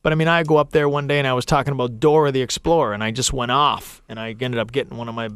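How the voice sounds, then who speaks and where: A man with a Canadian accent, a comedian guest on a radio show, telling animated stories and acting out quotes. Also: medium pitch, very fast, clear, resonant tone, no echo, clean studio sound. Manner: animated storyteller, acts out quotes. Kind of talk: casual radio chat. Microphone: studio microphone.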